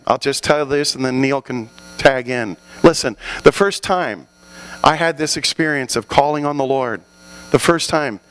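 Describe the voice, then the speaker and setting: A man preaching an animated sermon to a congregation, often building to loud, fervent exhortations. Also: on the high side, slight background noise, low-quality recording.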